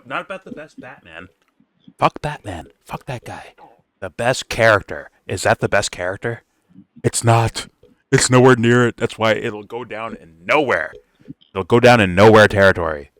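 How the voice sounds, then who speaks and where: A man's voice: on the low side, moderate pace, fairly bright tone, no room sound. A man hosting a reaction video, talking casually and animatedly with lots of swearing and mocking imitations of others. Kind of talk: casual profane reaction commentary.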